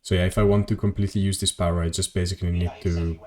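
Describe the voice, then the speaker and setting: Playing a game on stream from his home office, a man chats and rambles, answers his chat, and corrects himself along the way. He speaks in a low, darkish voice with a level tone, racing through his words.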